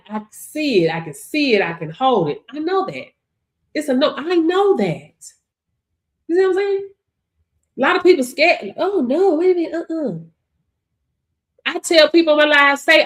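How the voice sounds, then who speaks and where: A woman hosting a motivational livestream, talking to viewers in a preachy way and laughing often. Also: high voice. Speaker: livestream host.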